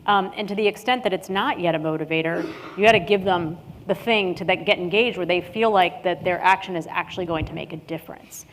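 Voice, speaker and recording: A woman's voice: lowish voice, fairly quick, hardly any pauses, slight background noise. A woman on a conference panel explaining research findings thoughtfully, in a hotel ballroom. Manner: thoughtful, explanatory, some restarts. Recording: reverberant hall with faint ambience.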